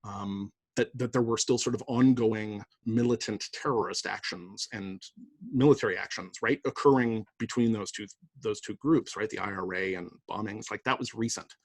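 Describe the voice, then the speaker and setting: A man's voice: on the low side, normal speed, dry recording. A man giving a university lecture in a conversational way, often adding "right?" and filler sounds.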